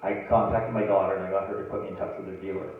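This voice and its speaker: A middle-aged man doing a stand-up comedy set on a small theatre stage, telling stories with sudden loud outbursts. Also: low-pitched, racing, soft background music. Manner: animated storytelling with loud outbursts. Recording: far-off phone-like audio in echoey room. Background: audience laughter.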